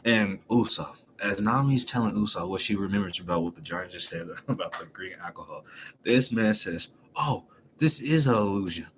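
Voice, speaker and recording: A man giving a casual, animated recap of a comic chapter, laughing often as he retells it. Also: sits low, normal speed, a little hiss or hum. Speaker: manga chapter reviewer.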